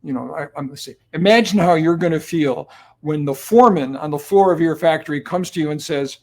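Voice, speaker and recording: A man in his seventies, a guest on an interview show, telling long stories in a relaxed, anecdotal way with many ums and uhs. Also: on the high side, a little fast. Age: 70s. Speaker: guest, company cofounder. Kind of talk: conversational storytelling.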